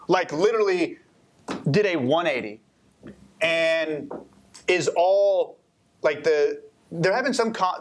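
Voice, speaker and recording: A man chatting casually on a podcast, rambling through his points with frequent restarts and fillers. His voice sits a little high. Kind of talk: casual chat.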